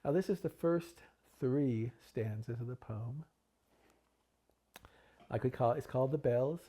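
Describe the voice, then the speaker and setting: Male host for a poetry reading, mid-pitched, dramatic delivery that swells on the refrains. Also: measured pace, slightly rough. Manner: builds volume and pitch on repeated refrains, drops low and soft for asides. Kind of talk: dramatic poetry reading with chatty intro and outro.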